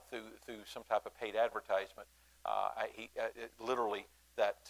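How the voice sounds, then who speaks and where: A male pastor talks to his congregation in a church. His voice sits low and has a gravelly, creaky edge. He speaks in a folksy, halting way, stopping to restart his sentences and asking the room to say things back to him. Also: a bit bright, rough recording. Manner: folksy, halting, many fillers and restarts, calls for responses. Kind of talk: church announcements and sermon to a congregation. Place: church sanctuary.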